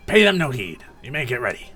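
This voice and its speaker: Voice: medium pitch, very animated, a little fast, over music, pitched above the performer's own voice, close to an everyday voice. A streamer voicing a looming ghostly boss who gives stern, commanding orders. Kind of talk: reading game dialogue aloud.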